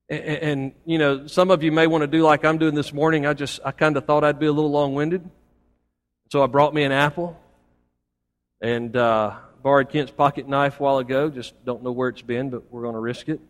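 A pastor with a fairly high, evenly intoned voice preaches a Sunday sermon at a moderate pace. He builds toward emphatic points, trading in folksy asides to the congregation, and the church sanctuary adds a long hall reverb.

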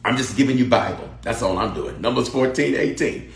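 A man preaching a sermon to a congregation, calling out to the crowd and repeating key lines, dropping to a hush and then rising to a shout. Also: mid-range voice, fairly quick, echoey room. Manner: call-and-response preaching, repeating lines, shifting from hushed to shouted. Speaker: bishop preaching. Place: church sanctuary.

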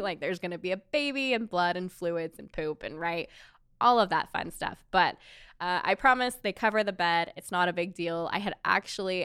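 A woman's voice: lowish voice, fairly bright tone, clean tone, dry recording, clean studio sound. A woman in her thirties who works as a doula, talking earnestly and personally in a chatty way with many fillers. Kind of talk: casual talk about birth.

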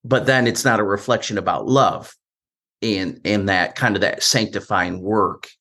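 A man's voice: lowish voice, moderate pace, gravelly, fairly bright tone. A man hosting a podcast interview, asking questions in a conversational, hesitant way with many fillers. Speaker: podcast host. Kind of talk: casual interview chat.

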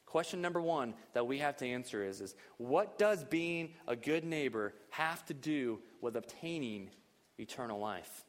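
A man preaching a lively, conversational sermon at a church service, full of rhetorical questions. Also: medium pitch, unhurried, in a large hall. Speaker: pastor.

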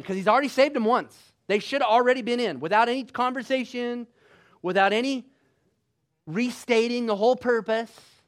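A man preaching a sermon emphatically, asking the congregation rhetorical questions and rising to loud bursts. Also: very high voice, moderate pace.

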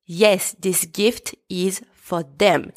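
A French woman with a French accent, hosting a podcast lesson and slowly repeating words for learners to say back. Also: fairly low pitch, fairly even intonation. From France. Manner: slow, patient, repeats words for learners to echo. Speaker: French teacher, podcast host.

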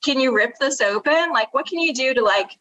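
A young woman artist talks about her studio work in a rambling, laugh-filled way. Her voice is bright and a little higher than most. She leans on fillers as she thinks aloud. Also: lively intonation, a little fast. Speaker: artist and podcast guest. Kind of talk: casual conversation.

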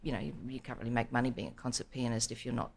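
Middle-aged Australian woman, deep-toned guest, lively storyteller who acts out quotes. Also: racing, gravelly. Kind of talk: storytelling in casual chat.

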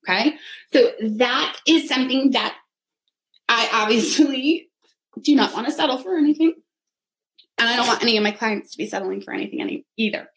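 A woman in her thirties speaks in a relaxed, chatty how-to style, moving item by item as a coach would. Her voice sits a little on the high side and stays upbeat throughout. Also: poor audio. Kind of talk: casual how-to talk showing a vision board.

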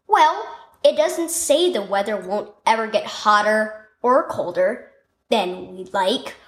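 A woman voicing a gentle father in a children's storybook devotional, calmly explaining. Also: medium pitch, slow pace. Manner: calm, explaining.

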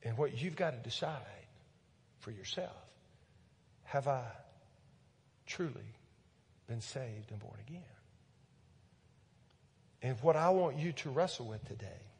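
Earnest husky pastor in echoing hall. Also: male voice, medium pitch. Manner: earnest, pleading, repeats words, swells loud then drops soft. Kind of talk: sermon with altar call. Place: church sanctuary. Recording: long church hall reverb with soft music.

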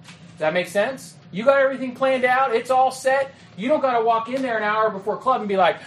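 A man giving a training talk to youth ministry leaders in a conversational way, often checking in with "okay?" and "right?" and acting out quick exchanges. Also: very high voice, slight background noise. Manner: acts out quick quoted exchanges. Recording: echoey room with faint ambience.

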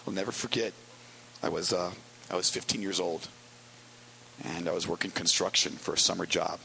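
A man preaching a conversational sermon as pastor, wry and storytelling with quick asides. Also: deep voice, steady tone, creaky, sharp tone, a little hiss or hum, low-quality recording.

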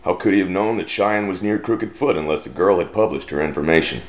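A deep-voiced Texan storyteller reads a western aloud in a slow, drawling twang, briefly putting on voices for the characters.

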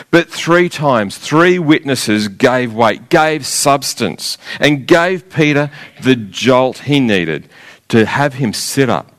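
A man preaching a sermon, retelling a scripture story in a measured, emphatic way with rhetorical pauses. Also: lowish voice.

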